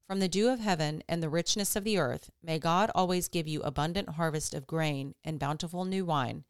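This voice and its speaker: A woman hosting a podcast, reading scripture aloud in a steady, measured way. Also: low voice, smooth, no echo, clean studio sound. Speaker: podcast host.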